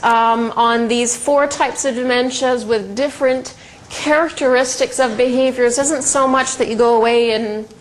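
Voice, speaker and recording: Woman teaching a workshop, talks like she's chatting, lots of ums, slightly high voice. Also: poor audio. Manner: conversational, anecdotal, frequent ums and restarts. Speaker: presenter and educator. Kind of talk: lecture presentation.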